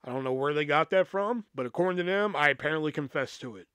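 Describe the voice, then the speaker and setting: Animated, cursing male storyteller. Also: fairly high pitch, quick pace, clear, resonant tone, no room sound. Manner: profane, animated retelling full of fillers. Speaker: podcast host. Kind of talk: casual storytelling.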